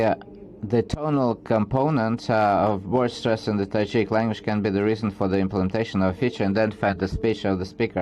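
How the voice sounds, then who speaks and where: A man giving an academic research presentation, reading from slides in a halting way with frequent restarts. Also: fairly low pitch, a little mellow.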